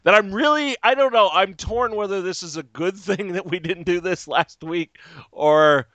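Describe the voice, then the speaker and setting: Podcast host, male, sweary sarcastic ranter, bright forceful tone, dry close sound. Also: sits high, normal speed, no echo. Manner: profane, ranting, sarcastic. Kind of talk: casual ranting chat.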